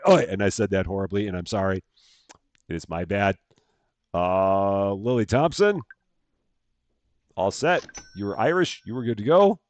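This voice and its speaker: Guy streaming a game from home, low voice that bounces all over, chatty and joking, dead dry sound. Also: darkish tone, dry recording. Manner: chatty, thanks viewers by name, laughs at himself. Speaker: streamer playing a bank simulator game. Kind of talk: casual live-stream gameplay commentary.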